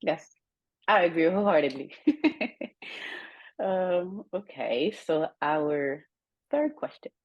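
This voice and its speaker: A young woman with a Haitian accent hosts the interview in a low, husky voice. She tells her stories with lively energy and laughs often between her lines. The sound is dry and close. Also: slow, long pauses, no echo, highs cut off. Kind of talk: conversational interview.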